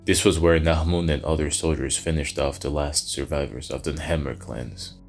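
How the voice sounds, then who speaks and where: Man, extremely deep voice, somber storyteller, dark fantasy narration, soft background music. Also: steady tone, normal speed.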